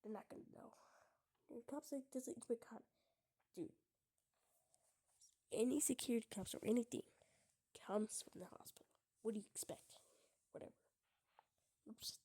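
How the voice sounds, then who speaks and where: A woman's voice: fairly high pitch, moderate pace, pauses often, dark tone, slightly rough. A young woman giving casual gameplay commentary, giggling and often dropping into half-whispered asides. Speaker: gamer.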